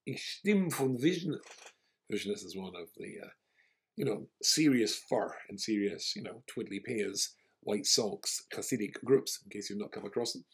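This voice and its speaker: At a moderate pace, a low-voiced male rabbi tells a story, gravel and huskiness in his tone. The delivery flows in a relaxed way, laced with wry, self-deprecating humour.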